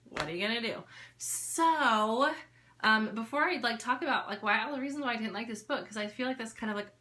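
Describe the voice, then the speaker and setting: Bright-voiced chatty young woman reviewing a book. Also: on the high side, animated, fairly quick. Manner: chatty, lots of "like" fillers, candid. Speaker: book vlogger.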